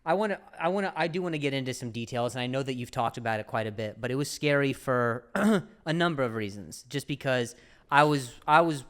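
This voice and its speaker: A man hosting a casual studio interview, earnest and halting as he asks his guest questions. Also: medium pitch, a bit bright. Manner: earnest, halting, with many restarts. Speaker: podcast host.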